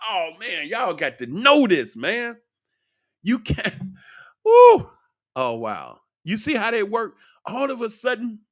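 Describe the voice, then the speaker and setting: A man in his sixties delivering a rambling, profane monologue, blunt and animated in bursts. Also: fairly high pitch, dry recording, studio quality. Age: 60s. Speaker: commentator. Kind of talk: ranting monologue.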